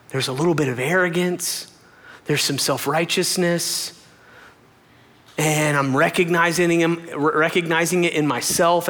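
A young adult man preaching a sermon, telling a personal story in an animated way and jumping up high in pitch when he acts out what people said. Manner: animated storytelling, voices quoted lines in a much higher pitch. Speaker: pastor. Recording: long hall reverb.

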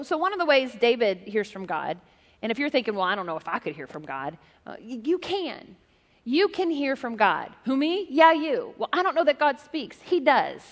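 A middle-aged woman preaching a sermon, an animated and joking storyteller who speaks straight to her congregation. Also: sits high. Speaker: pastor. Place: church hall. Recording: reverberant hall.

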